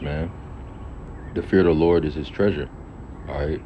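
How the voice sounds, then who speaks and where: A man's voice: very deep voice, steady tone, moderate pace, pauses often. A man giving a casual Bible teaching. He reads scripture aloud, then explains it in loose everyday speech full of "all right" and "okay.". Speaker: preacher. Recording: dull lo-fi audio with faint traffic noise.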